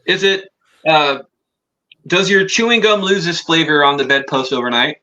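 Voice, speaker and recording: A man's voice: a little high, expressive, moderate pace, sharp tone, highs cut off. A man hosting a casual group podcast, laughing and hesitating as he calls on others to vote. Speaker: podcast host.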